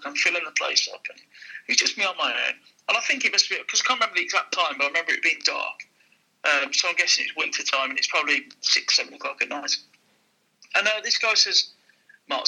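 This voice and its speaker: A man with a high, bright, somewhat husky voice tells anecdotes at a quick clip. He acts out each exchange in his story. The sound is thin and tinny, like a phone line. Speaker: guest, former car dealer. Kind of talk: casual storytelling.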